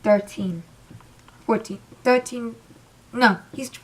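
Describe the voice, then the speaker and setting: A young woman telling an excited, rambling storytime about meeting her idols, emotional and close to tears. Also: fairly high pitch, slow pace, husky. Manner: gushing, rambling, says literally a lot. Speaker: vlogger.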